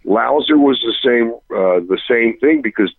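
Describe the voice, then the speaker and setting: A man, a touring rock musician, telling an animated anecdote on a radio interview, breaking off and restarting as he goes. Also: medium pitch, moderate pace, no echo, phone-quality sound. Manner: animated, self-interrupting, chuckling storyteller.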